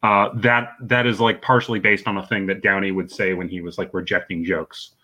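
A man's voice: low-pitched, flat delivery, brisk, pushed and bright. A man hosting a casual movie podcast, chatting and laughing as he recaps a plot. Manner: chatty, laughs often, acts out quotes. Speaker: podcast host.

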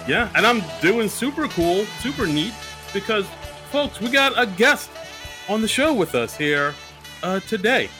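A man's voice: high-pitched, sing-song, unhurried, over music. A man with a New Jersey accent co-hosting a comedy podcast, upbeat and jokey. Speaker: podcast co-host. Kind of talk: casual chat.

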